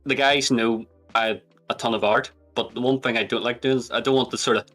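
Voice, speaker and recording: A man being interviewed as a guest, with a bright, forward tone. He hedges playfully and laughs often over faint music in the background. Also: medium pitch, fairly even intonation, quick pace. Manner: hedging, teasing, laughs often. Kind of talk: casual chat.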